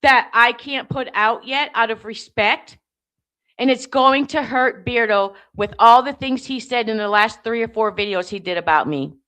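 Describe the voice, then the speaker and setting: A woman's voice: on the high side, moderate pace, a bit bright. A woman from the United States ranting angrily on a livestream, swearing and confrontational. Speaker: livestream guest. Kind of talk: angry rant on a livestream.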